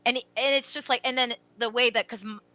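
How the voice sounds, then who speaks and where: Bright young woman retelling excitedly. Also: a little high, fairly quick, no echo, muffled recording. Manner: animated storytelling with lots of fillers. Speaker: podcast co-host. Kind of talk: casual chat.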